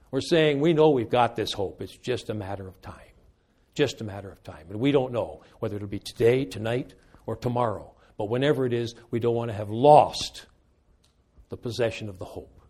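An older man preaching a sermon and leading a closing prayer, unhurried and folksy, with slow, emphatic phrases. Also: a little high, a little mellow.

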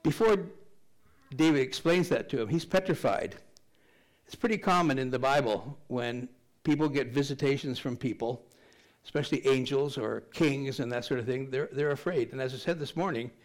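A man's voice: medium pitch, moderate pace. An older man preaching a sermon, reading scripture aloud and telling stories in a conversational way, with rambling, self-deprecating asides. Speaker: pastor.

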